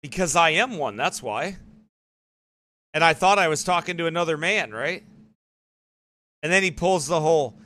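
A man's voice: fairly high pitch, expressive, normal speed, pauses often, bright, forceful tone. A male pastor giving emphatic, mocking commentary on a livestreamed sermon.

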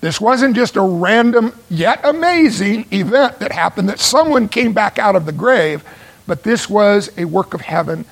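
A man's voice: sits high, expressive, moderate pace, creaky. A man preaching a sermon, pressing his points with repeated phrases and rhetorical questions. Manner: emphatic, repeats phrases for stress.

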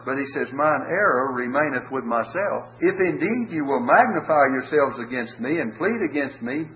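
An older man teaches scripture to a gathering, reading verses slowly and then retelling them in homey everyday speech. His voice sits at a middling pitch. The recording is dull and lo-fi, with a faint hum underneath. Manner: reads verses slowly, then paraphrases in plain folksy talk. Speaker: preacher.

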